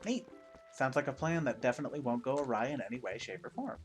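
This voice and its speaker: Casual male let's-play host, self-deprecating jokes, mid pitch, soft music underneath. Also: animated, fast talker. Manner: self-deprecating, joking, rambling. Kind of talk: casual gameplay commentary.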